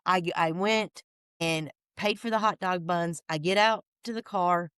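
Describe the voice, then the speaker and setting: A woman guest in an interview, telling a story in a lively, folksy way, talking in bursts and restarting her sentences. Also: fairly low pitch, a little slow, smooth, no room sound, studio quality. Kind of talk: animated storytelling chat.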